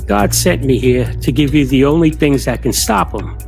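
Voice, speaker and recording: A man's voice: medium pitch, expressive, creaky, darkish tone, soft background music. A man with a New York accent voicing the archangel Gabriel in a cartoon, in his natural speaking voice. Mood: solemn. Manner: plain, unhurried delivery in his own voice. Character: archangel Gabriel, a stern male angel.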